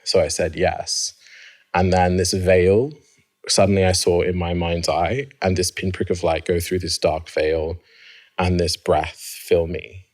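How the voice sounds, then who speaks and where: A man shares his personal story as an interview guest, thoughtful in tone and quick to laugh, his voice climbing high when he gets excited.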